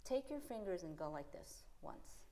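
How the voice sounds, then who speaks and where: A woman's voice: fairly low pitch, moderate pace. A middle-aged woman from the United States, a piano teacher coaching a chamber trio in a masterclass, counting and singing rhythms aloud while they play. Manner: animated, counts and sings rhythms aloud over the playing. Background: piano, violin and cello playing.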